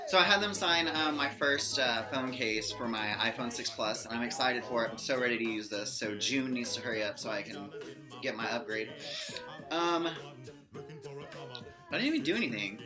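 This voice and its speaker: A young woman excitedly telling a fan story in a casual vlog, gushing and giggly. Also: very deep voice, moderate pace. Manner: gushing fangirl, giggly, animated quoting. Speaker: vlogger. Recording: music playing behind.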